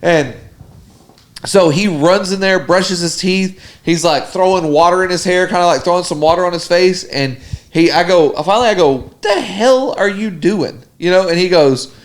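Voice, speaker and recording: Chatting casually on a podcast he co-hosts, a man with a high-pitched voice brings a story to life by imitating each person's voice. He's animated and keeps a moderate pace.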